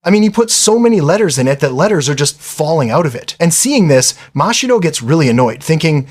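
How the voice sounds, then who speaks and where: A chatty male narrator retelling an anime episode in a casual storytelling way. His voice sits a little high and swings up and down with lots of animation. He talks to the listener like a friend. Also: very animated, fairly quick, few pauses, a little mellow. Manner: chatty, says "brother" and "literally".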